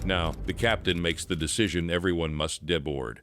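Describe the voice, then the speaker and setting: A man narrates a scripted documentary in a very deep voice. His delivery is even and measured. A faint noise sits under the recording.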